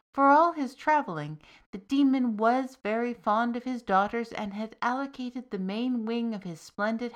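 Slow, measured woman storyteller. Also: medium pitch. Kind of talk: scripted fairy-tale narration.

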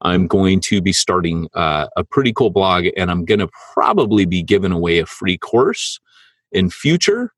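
A man's voice: low voice, expressive, moderate pace, breathy edge, dry recording. A man co-hosting a podcast, chatting casually and teasing his co-host. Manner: joking, teasing banter. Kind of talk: casual chat. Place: home under renovation, drywalling.

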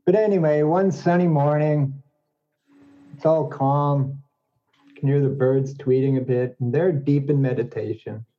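A man telling a string of jokes in an unhurried, drawn-out storytelling manner. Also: medium pitch. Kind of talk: joke telling. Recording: dull lo-fi audio.

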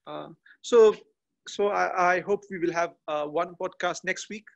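A man chatting as a podcast guest from a garden outdoors, halting and often restarting as he searches for words. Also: sits high, vocal fry, lo-fi sound. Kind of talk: casual interview chat.

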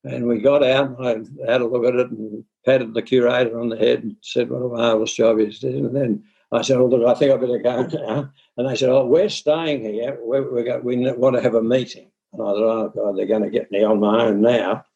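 Husky older man telling a story. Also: mid-range voice, steady tone, mellow, dull audio. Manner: halting, with many restarts and fillers. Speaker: interviewee, former cricket administrator. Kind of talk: anecdotal storytelling in interview.

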